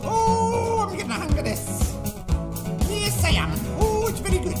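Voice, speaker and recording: A man voicing a vain film star who croons a made-up comic song in a squeaky, hammy voice, whooping between lines. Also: big pitch swings, unhurried, loud music behind the voice, full character voice.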